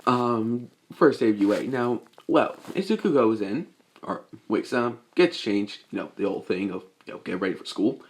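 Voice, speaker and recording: A man's voice: fairly low pitch, lively intonation, moderate pace. A young man improvising a fan-made story, rambling and restarting with lots of fillers. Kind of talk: improvised fan-fiction narration.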